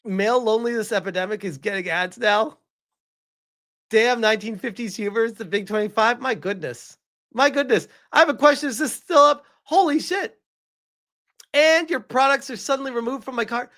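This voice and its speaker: A man's voice: very high voice, brisk, bright, forceful tone. A man giving heated, profane reaction commentary, reading article quotes aloud between his own remarks.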